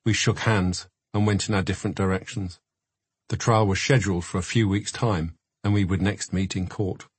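A man reads a memoir aloud in a measured, reflective way, his voice low and a little husky. The recording is dry and close, like a studio booth. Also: fairly even intonation, dry recording. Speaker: narrator. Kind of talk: memoir audiobook narration.

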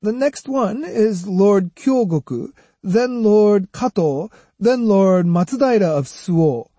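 A man voicing a sly, teasing woman of the night in an audiobook, mocking and coaxing in a high, sing-song voice. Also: animated, slow pace, dark tone, dry recording, exaggerated voice. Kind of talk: audiobook character voice.

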